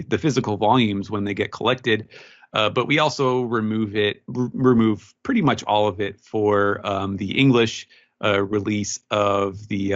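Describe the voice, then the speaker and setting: Low-voiced man rambling with fillers. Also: dull audio. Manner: rambling, many fillers and restarts. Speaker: podcast co-host. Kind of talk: casual chat.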